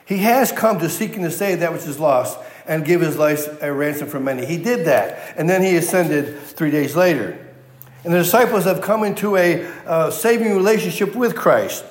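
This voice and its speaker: A man's voice: a little high, moderate pace. Preaching man in an echoing hall. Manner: emphatic, repeats key words, asks the audience questions. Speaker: pastor. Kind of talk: sermon. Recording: echoey hall reverb.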